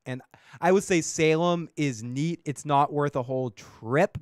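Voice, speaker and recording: A man's voice: fairly high pitch, clear, resonant tone, no echo, clean studio sound. A man with a Boston accent from Massachusetts, hosting a podcast and reviewing a TV episode in loose, profane, rambling chat that keeps trailing off and restarting. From Massachusetts, USA. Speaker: podcast host reviewing a TV show.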